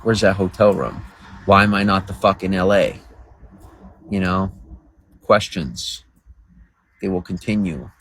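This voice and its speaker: A man's voice: low voice, steady tone, measured pace, pauses often, fairly bright tone, a little hiss or hum, poor audio. A man livestreaming to viewers in casual talk, crude, boastful and rambling. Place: outdoors by a road.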